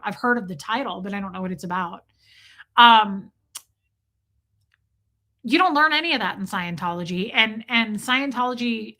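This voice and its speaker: Bright-voiced woman chatting with viewers. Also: fairly high pitch. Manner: candid, chatty, self-deprecating, thanks viewers by name. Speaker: livestream host. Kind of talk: casual livestream Q&A, reading and answering chat.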